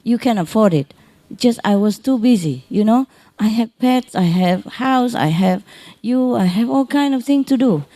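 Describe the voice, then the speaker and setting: A woman giving an informal spiritual talk to her followers, gentle and consoling, chuckling often, in non-native English. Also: a little high, lively intonation, normal speed. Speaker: spiritual teacher.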